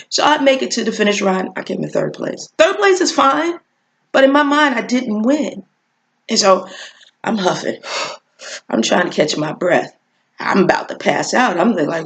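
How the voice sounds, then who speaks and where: Animated woman telling a personal story. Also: mid-range voice, normal speed. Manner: animated, acts out voices in her story; earnest, encouraging. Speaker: motivational speaker.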